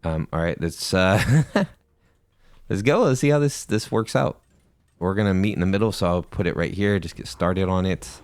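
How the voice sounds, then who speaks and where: Low-voiced man joking through gameplay. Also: normal speed, darkish tone, clean tone, dry recording. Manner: playful, talks to himself, corny jokes. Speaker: gaming YouTuber. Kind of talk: gameplay commentary.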